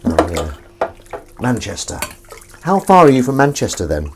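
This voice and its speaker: A man's voice: fairly low pitch, huge pitch swings, moderate pace, background noise. A man chatting casually to a live-stream audience from his home kitchen while washing up, rambling and self-mocking.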